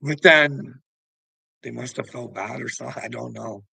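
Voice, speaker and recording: Medium-pitched and gravelly with a sharp, slightly rough edge, this vlogger speaks at a moderate pace on a rough recording lacking room sound. His story of a confrontation with police comes out as an agitated, profanity-heavy rant.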